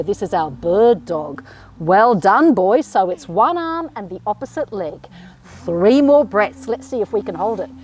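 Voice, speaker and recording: A woman's voice: on the high side, darkish tone, slight background noise. An Australian woman leading a children's yoga class in an encouraging, sing-song way, with playful animal sounds. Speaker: kids yoga teacher.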